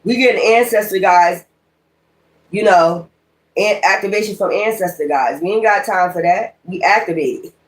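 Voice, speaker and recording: A woman's voice: medium pitch, normal speed. A woman giving a spoken tarot reading in a blunt, profane, ranting manner. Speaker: tarot reader. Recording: echoey room.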